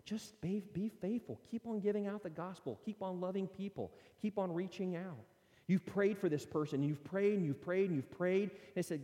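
Preacher guy in a church hall, voice swings up and down a lot, kinda mellow tone, long echo. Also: high voice, brisk. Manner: animated, conversational preaching with scripture readings. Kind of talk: sermon.

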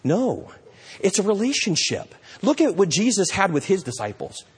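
Middle-aged pastor preaching hard, kinda husky and high-ish, big church reverb. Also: male voice, wildly swooping pitch, fairly quick. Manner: impassioned, pleading, acts out little scenes. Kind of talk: sermon.

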